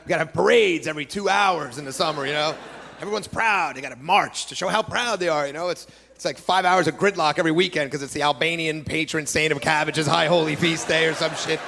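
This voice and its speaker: A stand-up comic tears into a loud, foul-mouthed, disbelieving rant in a live club set, with laughter and crowd noise throughout. His voice is fairly high, creaky, and a bit bright.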